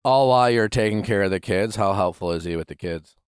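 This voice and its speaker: Deep-voiced man, blunt advice host. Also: fast talker, clear, resonant tone, dry recording, studio quality. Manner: blunt, probing questions. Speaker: podcast host giving dating advice. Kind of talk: casual advice call.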